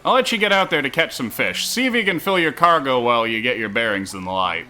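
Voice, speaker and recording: A man's voice: medium pitch, animated, fast, sharp tone, pitched above the performer's own voice. A man reading out a game's harbor master in a raised, theatrical, formal voice. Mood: grandiose.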